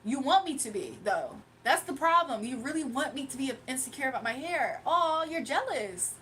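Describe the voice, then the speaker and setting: A woman's voice: sits high, big pitch swings, fairly quick, a bit bright, slight background noise. A young woman hosting a livestream, talking casually and combatively to her chat, mocking and defending herself. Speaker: livestream host.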